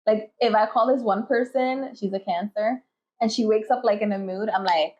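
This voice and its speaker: A woman's voice: medium pitch, normal speed, darkish tone. A woman co-hosting a podcast in casual chat, a laid-back storyteller who swears casually. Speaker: podcast co-host. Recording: slightly muffled lo-fi audio.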